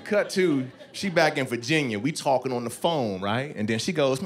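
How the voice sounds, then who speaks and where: A man's voice: medium pitch, expressive, fairly quick, few pauses. A man in his thirties doing a stand-up comedy routine on a club stage, telling a story with voiced asides. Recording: club stage mic with audience noise.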